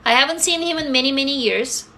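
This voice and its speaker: A Russian woman hosts a livestream, answering viewers in a high-pitched, fast, bright voice with a forceful tone. She talks bluntly and emphatically and swears freely in this casual chat.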